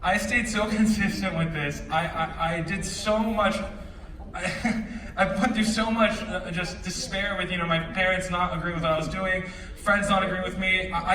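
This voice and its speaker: Brief: young male stage speaker, high voice, energetic and joking, echoey hall with an audience. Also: far from the mic. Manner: energetic, joking, chatty slang. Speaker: motivational speaker. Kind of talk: stage storytelling talk.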